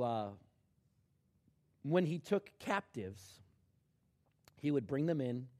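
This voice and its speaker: A middle-aged man preaching a sermon, dropping to a hush and then rising to loud, emphatic shouts. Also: mid-range voice. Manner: swings from hushed to shouting in acted quotes. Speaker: pastor.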